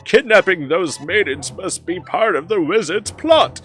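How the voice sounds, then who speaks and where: A man's voice: high voice, animated, measured pace, fairly bright tone, soft background music, pitched above the performer's own voice. A man voicing a rambling, kindly old hermit in a shaky elderly voice while reading game dialogue aloud.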